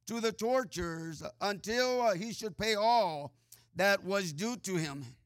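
A man's voice: high-pitched, a bit bright, no echo, studio quality. A man preaching a sermon, reading scripture with sing-song swells and dropping "uh" and "amen" between phrases. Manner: frequent filler "uh" and "amen" asides.

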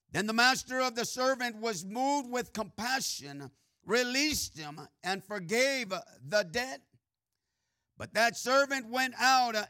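A preacher with a high, bright voice reads scripture slowly in sing-song swells, peppering his phrases with "uh" and "amen." The sound is dry and close, with no echo.

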